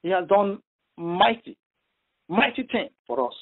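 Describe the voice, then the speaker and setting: Male preacher, very high and husky, halting and emphatic, phone-line audio. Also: lively intonation. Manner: halting, repeats himself, emphatic retelling. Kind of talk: sermon over a phone prayer line.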